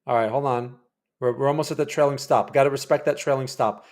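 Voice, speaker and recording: A man's voice: mid-range voice, fairly even intonation, fast talker, darkish tone. A man hosting a live day-trading stream, chatty and rambling as he comments on trades and quizzes his chat. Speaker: day trading livestream host.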